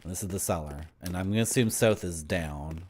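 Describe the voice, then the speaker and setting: A young man streaming a video game live, rambling through deadpan absurd tangents as he plays. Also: low voice, fairly quick, a little hiss or hum. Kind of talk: live gameplay commentary.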